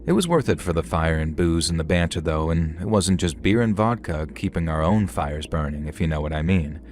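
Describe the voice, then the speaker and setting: Deep-voiced man narrating a horror story. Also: animated, fairly quick, a little mellow. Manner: conversational first-person storytelling with dry humour.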